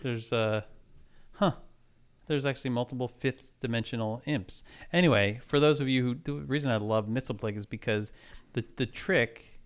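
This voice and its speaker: Man, podcast co-host, casual chat, rambling, excited, mid-pitched voice. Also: normal speed, clean tone. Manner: enthusiastic, rambling, trails off and restarts.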